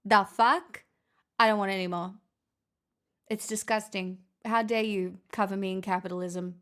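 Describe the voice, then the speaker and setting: A woman's voice: medium pitch, fairly even intonation, moderate pace, fairly bright tone, smooth. A woman hosting a livestream, chatting casually and teasing her chat with jokes. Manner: teasing, jokey banter with chat. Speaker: livestream host.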